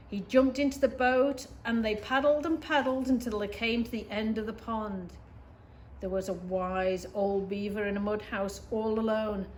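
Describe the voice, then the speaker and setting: A woman with a British accent, a teacher reading a picture book aloud to children with expressive storytelling. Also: fairly high pitch, slight background noise.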